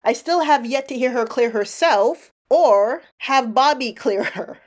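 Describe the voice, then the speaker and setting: A woman's voice: high-pitched, lively intonation, measured pace. A woman giving sarcastic mock-detective commentary over clips, probing and building a case point by point. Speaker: commentary narrator.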